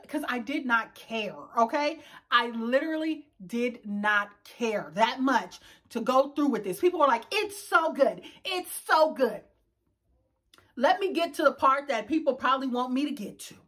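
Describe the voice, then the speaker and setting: Sassy high-voiced woman ranting. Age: 30s. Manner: animated, sassy, laughs often, talks to viewers as y'all. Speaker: YouTube reviewer. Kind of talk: casual ranting commentary.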